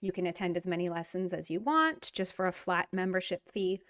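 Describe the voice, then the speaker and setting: A woman's voice: fairly low pitch, fairly quick, fairly bright tone. A woman hosting her own online language lesson, talking in an upbeat, chatty way with frequent fillers. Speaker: Russian language teacher.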